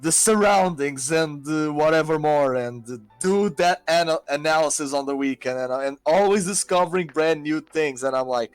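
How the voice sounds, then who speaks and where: A high-pitched man co-hosting a laid-back gaming podcast, talking in eager rushes that grow breathless when he gets excited. Soft music hums faintly under his voice. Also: smooth. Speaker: podcast co-host. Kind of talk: casual gaming podcast chat.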